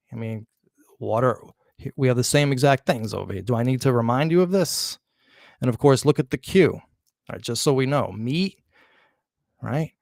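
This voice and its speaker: A man with a mid-range voice and vocal fry hosts a true crime commentary channel, recorded at studio quality with no room sound. He reads passages from letters aloud and mocks his critics, chuckling and restarting as he goes.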